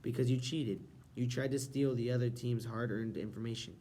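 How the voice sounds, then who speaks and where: A man reading an audiobook, voicing a playful, theatrical older gentleman who speaks grandly and deliberately. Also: mid-range voice, fairly even intonation, a little hiss or hum, close to an everyday voice.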